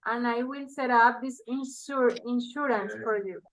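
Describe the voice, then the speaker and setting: A woman's voice: a little high, steady tone, a little slow, rough recording. A woman trainee practicing a call center role-play on a video call, hesitant and full of fillers.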